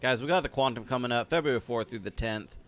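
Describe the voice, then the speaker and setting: A man's voice: medium pitch, fast, a bit bright. A man co-hosting live poker stream commentary with easygoing, dry remarks.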